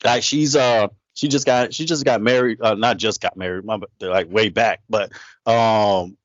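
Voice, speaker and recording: A man's voice: fairly low pitch, steady tone, moderate pace, no room sound. A man chatting casually as a podcast co-host, retelling stories with emphatic repetition. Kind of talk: casual chat. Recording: dry, dull lo-fi audio.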